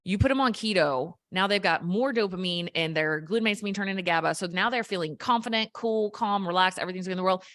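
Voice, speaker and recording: A woman health coach explaining things simply in an energetic, casual chat, as a guest. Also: fairly low pitch, dry recording, studio quality.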